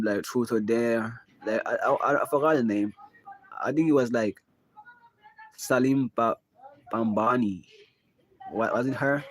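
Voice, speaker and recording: A young man vlogging in a casual confessional monologue, rambling and musing, with constant fillers. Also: mid-range voice. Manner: rambling, musing, full of "like" and "bro".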